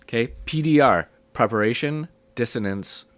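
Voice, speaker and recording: A man teaching music theory in a relaxed, step-by-step way, his voice low and rough from a cold, with many ums. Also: moderate pace, no room sound. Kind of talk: casual spoken lesson.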